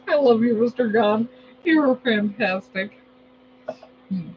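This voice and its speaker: Joking higher-voiced woman with Minnesota accent. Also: takes it slowly, dull audio, a little hiss or hum. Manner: joking, laughs often, bursts into playful yelling. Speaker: co-host. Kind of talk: casual chat.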